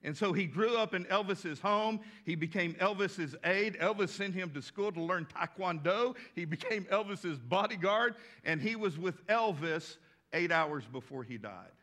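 A man in his sixties preaching in a folksy, animated way, slipping into voices as he tells stories. His voice sits high for a man and rings bright. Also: moderate pace. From West Texas. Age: 60s. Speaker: pastor. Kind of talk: storytelling sermon.

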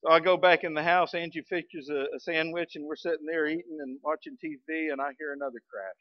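A man, a pastor telling a story in a sermon, folksy and animated. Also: on the high side, fast, no echo, lo-fi sound. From Arkansas, US. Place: church sanctuary.

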